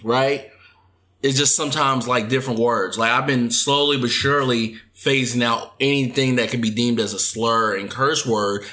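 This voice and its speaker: A man co-hosting a podcast, chatting casually and animatedly, now and then jumping into playful put-on voices. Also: mid-range voice. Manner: animated, jumps into exaggerated impressions. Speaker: podcast co-host. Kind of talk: casual chat.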